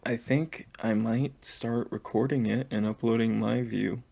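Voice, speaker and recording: A man's voice: mid-range voice, fairly even intonation, a little slow, gravelly, dark tone, husky. A man in casual chat with a co-host, telling stories and swearing freely.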